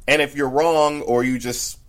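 A man's voice: fairly high pitch, steady tone, unhurried. A man hosting a sports talk show, rambling casually with frequent restarts and talking straight to his listeners. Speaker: podcast host.

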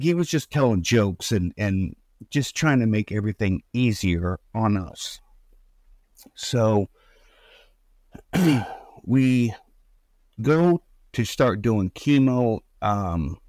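A man's voice: on the low side, lively intonation, slow pace, pauses often, darkish tone, no echo. A middle-aged man telling a painful family story in an interview, rambling with restarts and fillers while holding back tears. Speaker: guest, bereaved father. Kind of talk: emotional personal storytelling in an interview.

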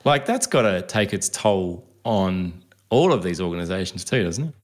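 A man hosting a casual podcast chat, jokey and quick to laugh. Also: low-pitched, lively intonation. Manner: jokey, laughs often, acts out quotes.

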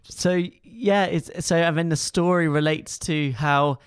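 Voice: mid-range voice, measured pace, smooth, no room sound, studio quality. A co-host on a casual podcast, summarising a children's episode with enthusiasm. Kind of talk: casual chat reviewing a kids' show.

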